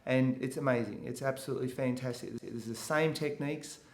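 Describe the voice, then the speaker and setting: A man's voice: mid-range voice, brisk. A man, giving a casual testimonial interview, with frequent hesitations and restarts. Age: 40s. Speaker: jiu-jitsu student giving a testimonial. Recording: echoey room.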